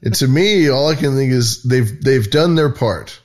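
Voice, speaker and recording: A man's voice: mid-range voice, expressive, unhurried, darkish tone. A man hosting a podcast, talking in loose, profane, mocking casual commentary with lots of restarts. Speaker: podcast host.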